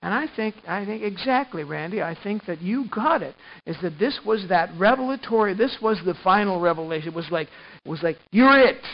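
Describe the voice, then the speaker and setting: A man preaching a sermon as pastor, animated, swinging from hushed tones to loud emphasis and often repeating words. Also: sits high, a little fast, muffled recording.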